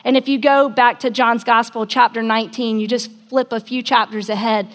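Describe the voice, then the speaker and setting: A woman's voice: on the high side, steady tone, moderate pace. A woman preacher giving a sermon in a conversational storytelling manner, acting out the quotes she reads.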